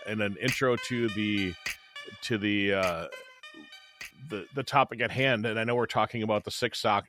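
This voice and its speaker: Older guy podcast cohost, low voice, stammers and repeats himself, kinda choked up. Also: a bit bright, no echo. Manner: halting, repeats words, emotional. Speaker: podcast co-host. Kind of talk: casual podcast chat.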